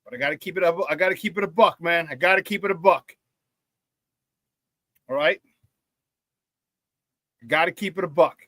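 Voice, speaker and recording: A man hosting a live-streamed sports talk show, reading viewer chat in an excitable, hyped way, laughing often and using slang. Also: a little high, normal speed, long pauses, dry recording.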